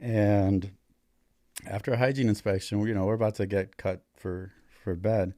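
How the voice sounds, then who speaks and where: A man's voice: on the low side, steady tone, normal speed, no room sound, clean studio sound. A man in his thirties, a paramedic and Marine veteran, telling stories in casual, profane chat. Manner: profane, laid-back storytelling that grows loud and laughing.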